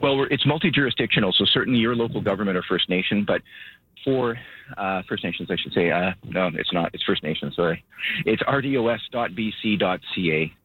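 A man speaking as a local government spokesperson, out of breath and earnest, rambling with halting restarts. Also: lowish voice, slight background noise. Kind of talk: phone interview. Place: outdoors at his vehicle. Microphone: phone. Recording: tinny phone line.

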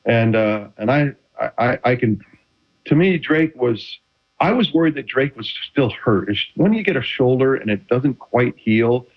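Middle-aged ex-athlete guest, expressive pitch, dull lo-fi sound. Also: male voice, measured pace. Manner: animated storytelling with many restarts. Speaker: retired quarterback guest. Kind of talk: casual interview chat. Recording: dull lo-fi audio.

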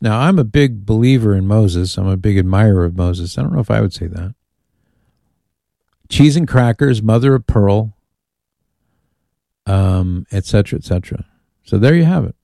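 Male call-in radio host: low, warm, dry studio sound, easygoing and amused. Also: creaky, dry recording. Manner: chatty, amused, reads listener emails aloud.

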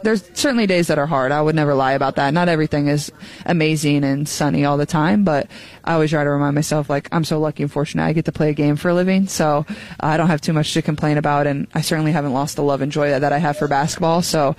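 A professional athlete speaking casually and reflectively in an interview clip. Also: female voice, low-pitched, fairly even intonation, fast, a little mellow.

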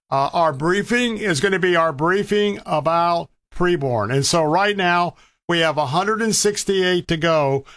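A middle-aged man hosting a radio talk show, making an earnest, pleading fundraising appeal and repeating details slowly. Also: fairly high pitch, a bit bright, dry recording, studio quality. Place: radio studio.

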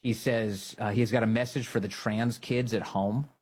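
A husky-voiced man runs his political talk show with mocking glee. He laughs easily and jumps up into high, incredulous jabs before dropping back to a plain conversational tone. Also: fairly even intonation, normal speed, a little mellow. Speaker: podcast host.

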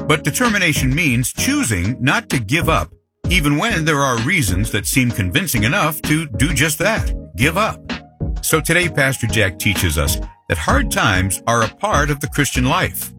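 A man's voice: a little high, big pitch swings, moderate pace. A man, a radio announcer, reading a scripted promo and introduction in an earnest way. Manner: smooth, earnest read. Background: music.

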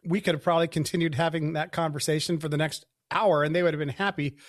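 Male co-host, relaxed storyteller, dry close audio. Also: on the high side, fast, dry recording. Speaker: podcast co-host. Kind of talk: casual conversational podcast.

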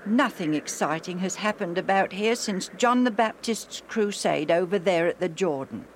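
A woman's voice: fairly low pitch, moderate pace, a little hiss or hum, voice pushed up, lightly acted. A woman voicing Joe, a bored, restless boy who grumbles and daydreams eagerly. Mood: grumbling. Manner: grumbling, then wistful and excited.

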